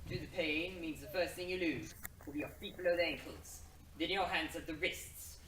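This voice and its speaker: A man playing a weakened young hero in a stage play, speaking slowly with mocking menace. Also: on the high side, fairly bright tone, close to an everyday voice. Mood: menacing. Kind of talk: amateur stage acting. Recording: echoey room from far off, noisy.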